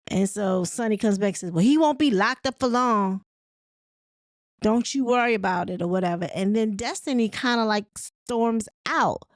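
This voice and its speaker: Chatty woman recapping, higher voice, dry sound. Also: no echo. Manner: chatty storytelling, retelling dialogue with frequent "she said"; opinionated, candid. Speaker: host of a reality TV recap show. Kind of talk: casual commentary recap.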